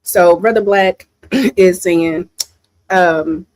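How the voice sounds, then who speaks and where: Woman stream host, firm and repetitive, pitched a bit high. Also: animated, normal speed. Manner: emphatic, scolding, repetitive. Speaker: livestream host. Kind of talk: political commentary stream.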